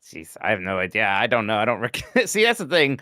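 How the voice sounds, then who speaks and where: Bright, chatty male podcast co-host. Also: fairly low pitch, very animated, brisk, dry recording, clean studio sound. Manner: self-deprecating, chatty. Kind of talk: casual podcast banter.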